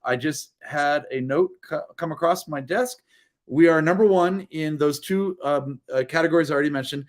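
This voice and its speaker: A man's voice: on the high side, moderate pace. A man hosting an online book launch over a video call, exuberant and jokey, rambling through frequent restarts.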